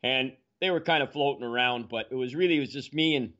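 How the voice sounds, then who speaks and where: A man's voice: mid-range voice, a bit bright. Easygoing man on muffled audio. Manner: easygoing, measured, meandering storyteller. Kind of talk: casual storytelling in conversation.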